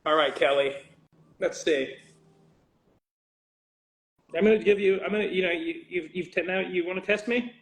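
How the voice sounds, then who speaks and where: Man, fairly high voice, loose rambling livestream chat while signing for fans, joking swears, roomy echo. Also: moderate pace, pauses often. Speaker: voice actor signing autographs for fans.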